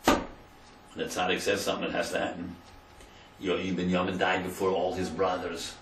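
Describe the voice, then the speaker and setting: A low-voiced man teaches a Torah class as a rabbi. He tells the story and acts out the quotes, dropping to quiet asides and rising to loud emphasis. The sound is roomy and echoey, with a faint background hum. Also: completely flat delivery, a little fast, recorded from a distance.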